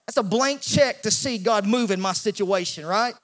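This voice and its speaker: A male pastor, preaching a sermon in an animated way and acting out the voices in the story. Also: high voice, normal speed. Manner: animated, acts out quoted voices, repeats words when he restarts.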